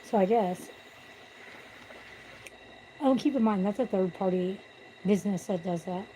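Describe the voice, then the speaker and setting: A woman's voice: mid-range voice, a little slow, mellow, a little hiss or hum, rough recording. A woman on a casual livestream at home, venting bluntly and with swearing about corruption. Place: at home with pets.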